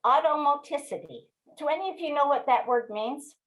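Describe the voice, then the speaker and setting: A woman in her sixties giving a webinar talk, telling a family story in an expressive way and speaking straight to her audience. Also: high-pitched, rough recording. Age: 60s. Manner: slow, expressive storyteller who addresses the audience directly.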